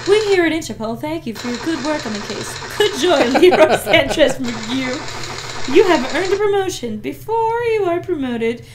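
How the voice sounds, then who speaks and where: A woman's voice: high voice, animated, over a noisy crowd. A woman co-hosting a let's play, chatting playfully and reading the game's text aloud. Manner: playful, giggly, quick asides. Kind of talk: casual gameplay chat, reading game text aloud. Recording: noisy home recording.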